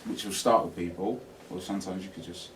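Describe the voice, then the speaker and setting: A British man and radio DJ, speaking as a guest to a class about presenting, animatedly acting out examples and shifting his loudness. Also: sits low, fairly even intonation, brisk, noisy background. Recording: roomy classroom, distant mic, music behind.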